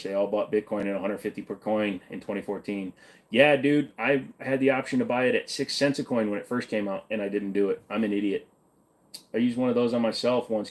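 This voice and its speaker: Casual male streamer with a lowish voice, reads chat questions and answers offhand, jokey and cursing a bit. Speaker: livestream host answering chat.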